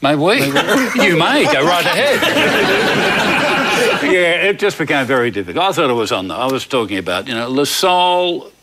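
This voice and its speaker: A man's voice: on the high side, wildly swooping pitch, a little slow. A man in his forties on a comedy panel telling wry travel anecdotes and laughing at his own jokes. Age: 40s. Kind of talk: comic anecdote on a panel show. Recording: TV studio, loud audience and hiss.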